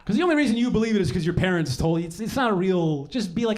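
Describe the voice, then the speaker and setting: A young man performing a stand-up set on a club stage, profane and animated, breaking into shouted bits. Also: high-pitched, very fast. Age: young adult. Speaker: stand-up comedian. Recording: noisy live club recording. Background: audience laughter.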